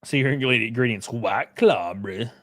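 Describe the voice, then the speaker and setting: A young man casually chatting on a livestream while reading chat. He is loose and profane, uses lots of fillers and suddenly jumps way up in pitch for jokes. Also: a little slow. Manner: animated, pitch jumps up sharply on bits.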